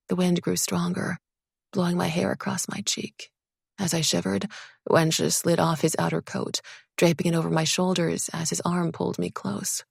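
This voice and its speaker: Gravelly low-voiced woman narrator. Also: little pitch movement, moderate pace, no room sound, clean studio sound. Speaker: audiobook narrator. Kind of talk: first-person fantasy audiobook narration.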